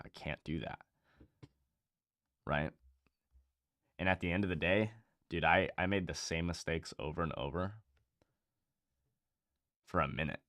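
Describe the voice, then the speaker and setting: A young man hosting a live trading stream, talking casually and bluntly with lots of swearing and repetition, rising in pitch and volume when fired up. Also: no echo, studio quality. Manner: blunt, profane, repeats himself, gets louder and higher when fired up. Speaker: livestream trading host.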